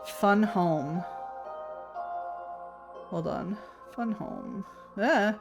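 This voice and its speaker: A woman's voice: mid-range voice, drawn-out words, soft background music. A woman streamer in casual chat with her viewers, talking loosely, laughing often and reading chat messages aloud. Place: home room.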